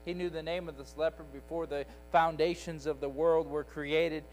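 A man preaches a Sunday school lesson, building each point through emphatic repetition. His voice sits a little high for a man, and faint music hums underneath. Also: level tone, moderate pace, darkish tone, poor audio. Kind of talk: sermon. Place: church sanctuary.

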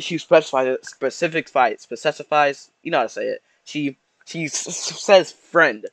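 A young man rambling through casual reaction commentary, slangy and mock-sorrowful, with restarts and drawn-out sighs. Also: fairly high pitch, fairly bright tone, no room sound. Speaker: YouTuber reacting to posts.

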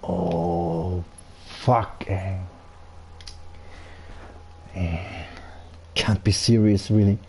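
A man's voice: low-pitched, fairly even intonation, very slow, long pauses, a little mellow, slight background noise. A man giving live commentary on his gameplay, angry and swearing a lot. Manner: angry ranting, heavy swearing. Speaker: gaming streamer.

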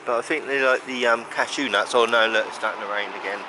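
A man narrates a casual vlog outdoors in the rain while feeding pigeons, chatting fondly, laughing often, and calling the birds over. His medium-pitched voice is fast, pushed, and bright with fairly even intonation. Audio is poor, from a handheld camera with street noise.

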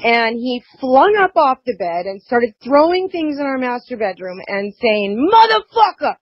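A woman interview guest telling a painful personal account, tearful and halting, repeating words, yet defiant. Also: a little high, sing-song, no echo, highs cut off.

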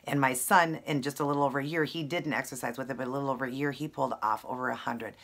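A woman in her thirties speaks straight to her camera at home, earnest and close to tears, with plenty of ums. Her voice sits very low and sounds husky. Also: fairly even intonation, rapid-fire, fairly bright tone. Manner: emotional, earnest, many fillers. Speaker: vlogger. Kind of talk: personal talk to camera.

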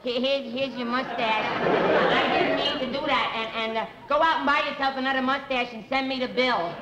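A man's voice: very high-pitched, normal speed, a loud crowd. A man clowning in a live TV comedy sketch, whiny and flustered. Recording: roomy 1950s live TV broadcast, loud audience and hiss.

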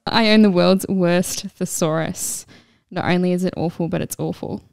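A woman delivering one-liners among friends in a brisk, matter-of-fact way. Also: lowish voice, fairly even intonation, vocal fry, a little mellow. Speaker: comedy joke teller. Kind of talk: casual joke telling among friends. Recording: background noise.

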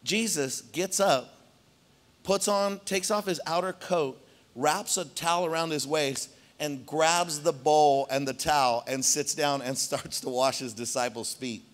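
A man preaching a sermon in a church, conversational and animated, often checking in with the congregation. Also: on the high side, measured pace. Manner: conversational, animated, frequent "right?" asides. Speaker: pastor.

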